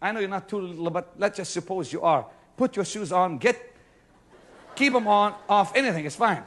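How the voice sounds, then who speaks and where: A male pastor preaching a sermon to a congregation, shouting some lines and dropping to a near hush on others. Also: high-pitched, normal speed. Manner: preaching with sudden shouts and hushed stretches. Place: church before a congregation.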